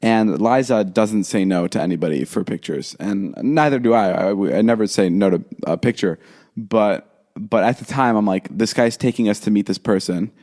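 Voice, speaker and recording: At moderate speed and with a darkish tone, a young man co-hosting a podcast spins a casual story. Quoted lines come out in a raised voice, and he stumbles through plenty of fillers and false starts.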